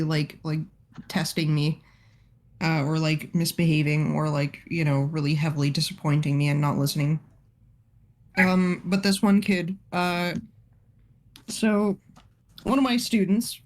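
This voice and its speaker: A woman's voice: fairly low pitch, a little mellow. A woman, an art teacher, casually telling a story to friends, chatty and swearing freely with lots of fillers.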